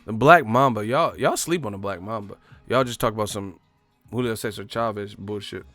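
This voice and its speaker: Man, casual boxing talk, animated storyteller, dry close sound. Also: fairly low pitch, moderate pace, no room sound, soft background music. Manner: animated storytelling, acts out quotes, laughs often. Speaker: boxing commentary host.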